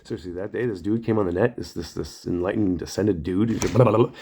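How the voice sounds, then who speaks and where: Racing along in a lowish voice with vocal fry, this man delivers a loose, wandering monologue against background noise. He animatedly plays out quotes in his stories, curses without restraint, and keeps putting himself down, apologizing and laughing at his own expense.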